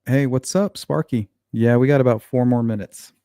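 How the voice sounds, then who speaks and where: On a casual true-crime livestream, a man with a dark-toned, medium-pitched voice reads comments and answers viewers sarcastically and bluntly at a moderate pace. The sound is clean studio audio with no echo.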